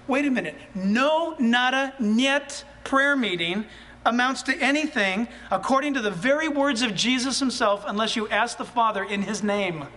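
A man preaching a sermon, animated and full of rhetorical questions that rise toward shouts. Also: extremely high pitch, moderate pace. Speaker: pastor.

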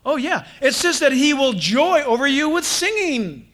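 Male pastor, sermon delivery, high and very lively pitch, conversational with playful asides. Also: moderate pace. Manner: animated, conversational preaching with playful mock dialogues.

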